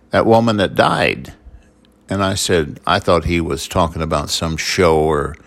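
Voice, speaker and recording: An older man, a grandfather, telling a family story in an unhurried way with many pauses. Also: low voice, vocal fry, fairly bright tone. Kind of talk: casual conversation.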